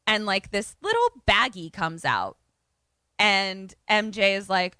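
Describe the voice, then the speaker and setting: Bright-voiced woman recapping a movie. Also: medium pitch, slow, clean tone, no room sound, studio quality. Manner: animated storytelling with quoted voices, frequent swearing. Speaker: podcast co-host. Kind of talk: casual movie recap chat.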